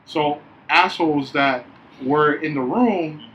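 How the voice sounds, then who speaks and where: A man's voice: on the high side, slow, fairly bright tone. A man telling workplace stories in a loose, profane way, acting out what people said. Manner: loose, profane storytelling with acted-out quotes. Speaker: podcast co-host. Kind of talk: casual chat. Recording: dull lo-fi sound with faint background hiss.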